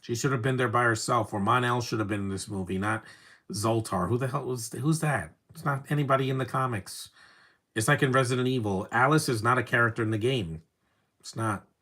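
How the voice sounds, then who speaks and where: A man's voice: medium pitch, a little fast. Wry young man muttering film commentary. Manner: wry, opinionated, trails off quietly. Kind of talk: casual live movie commentary.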